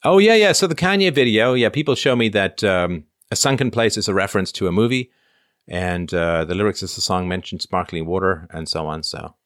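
Deep-voiced man rambling through viewer questions. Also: a little fast, fairly bright tone, no echo, clean studio sound. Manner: rambling, self-interrupting, reads questions aloud. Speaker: podcast host reading viewer comments. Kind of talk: casual livestream chat.

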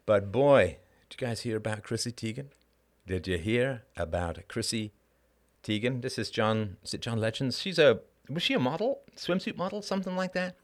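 A man's voice: medium pitch, expressive, normal speed. A man hosting a live call-in show, delivering a heated monologue in an emphatic, blunt and profane way, with sardonic asides and rhetorical questions.

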